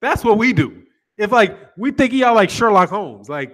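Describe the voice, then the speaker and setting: A man's voice: high voice, sing-song, normal speed, fairly bright tone. Laughing, profane American man ranting. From United States. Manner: profane, teasing, laughs often. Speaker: boxing channel host. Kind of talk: casual ranting commentary.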